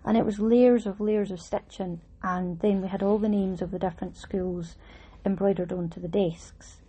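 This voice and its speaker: A middle-aged woman reminisces in a relaxed, chatty way, slipping in Scots words. Her voice is soft and a little husky, with a mellow, dark tone. She talks like she's sharing a story with friends. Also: mid-range voice, moderate pace. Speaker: vlogger talking about her embroidery project. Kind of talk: casual storytelling.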